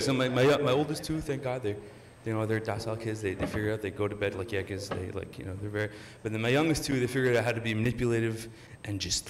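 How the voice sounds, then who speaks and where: A man performing a stand-up comedy set, telling stories in a halting, restarting way and acting out bits of dialogue. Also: mid-range voice, slight background noise. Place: comedy stage. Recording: echoey club room.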